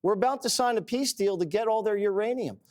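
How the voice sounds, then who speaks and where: A man's voice: high voice, quick pace, darkish tone. A man co-hosting a panel show, brash and boastful while telling anecdotes. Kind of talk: casual panel commentary.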